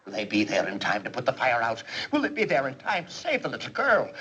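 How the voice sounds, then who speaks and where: An excitable blustering boss. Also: male voice, medium pitch, fast talker. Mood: dramatic. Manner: volatile, swings from stern to giddy. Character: excitable, blustering middle-aged male company boss. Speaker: businessman, the boss. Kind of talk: 1940s film comedy acting. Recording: muffled 1940s film soundtrack with hiss.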